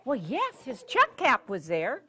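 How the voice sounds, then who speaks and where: Animated woman reading to children. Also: on the high side, measured pace, slightly rough. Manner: animated, asks the listeners questions. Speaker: children's storyteller. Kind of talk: read-aloud storytelling for children.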